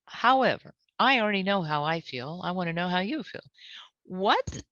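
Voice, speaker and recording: A woman trainer leading a guided tapping lesson, calmly repeating short phrases as she walks through the points. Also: fairly low pitch, dry recording. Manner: calm, repeats phrases slowly. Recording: dull lo-fi audio.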